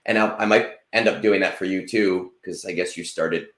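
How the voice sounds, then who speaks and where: A man's voice: low voice, fairly even intonation, normal speed, fairly bright tone, reverberant. A man in his late thirties hosting a casual livestream, rambling and self-deprecating, with lots of fillers. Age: 30s. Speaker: stream host.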